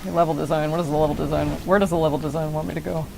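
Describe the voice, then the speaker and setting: A woman's voice: low-pitched, level tone, very fast, vocal fry, heavy background noise. A woman streaming a game, giving rambling, self-correcting casual commentary.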